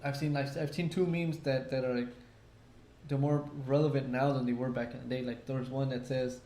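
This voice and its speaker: A man's voice: mid-range voice, brisk. A man co-hosting a casual podcast, swearing freely and acting out the people in his stories as he tells them. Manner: profane, animated storyteller acting out quotes. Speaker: podcast co-host. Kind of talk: casual drunk podcast chat. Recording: echoey room.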